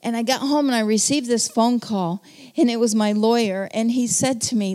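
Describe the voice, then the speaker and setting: A woman giving an earnest testimony sermon, telling her story with pauses and then calling the congregation to stand. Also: fairly high pitch, a little mellow. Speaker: preacher.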